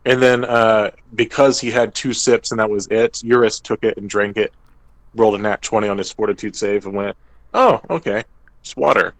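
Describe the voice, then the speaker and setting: A man's voice: fairly low pitch, little pitch movement, brisk, no room sound, poor audio. A young man, podcast co-host and game master, casually recapping a tabletop game and briefly acting out characters' lines.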